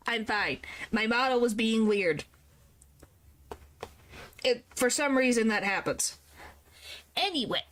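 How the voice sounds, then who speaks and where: A woman's voice: a little high, fairly bright tone. A young woman streaming a game, chatting casually to her viewers and reacting with rambling exclamations. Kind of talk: casual gameplay commentary.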